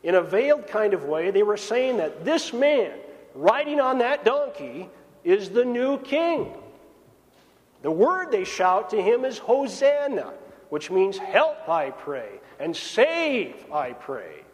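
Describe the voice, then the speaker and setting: A man preaching a sermon, swinging between raised emphasis and hushed, drawn-out phrases. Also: high voice, big pitch swings. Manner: dramatic swings from loud to hushed. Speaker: pastor. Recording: long reverb of a large hall.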